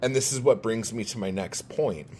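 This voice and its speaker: A man's voice: on the low side, normal speed, dark tone, a little hiss or hum. A man ranting heatedly to camera, swearing constantly and pushing his points with emphatic bursts. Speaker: poet and video creator.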